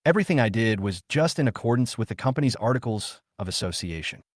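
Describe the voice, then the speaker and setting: A man's voice: medium pitch, lively intonation, quick pace, no room sound, clean studio sound, natural voice. A man voicing a cold, businesslike woman executive who speaks in a curt, formal, matter-of-fact way in a story recap.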